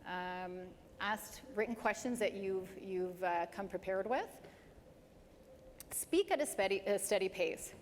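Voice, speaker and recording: A woman giving a live career presentation to an audience, lively and emphatic, speeding up and slowing down to demonstrate points. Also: mid-range voice. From Canada. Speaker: presenter at a dental career talk. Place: large hall with an audience. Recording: hall reverb, faint background noise.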